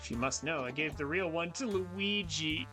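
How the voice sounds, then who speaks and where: A man's voice: fairly high pitch, moderate pace, natural voice. A man voicing a pompous male penguin detective who stammers when caught out, with game music behind him.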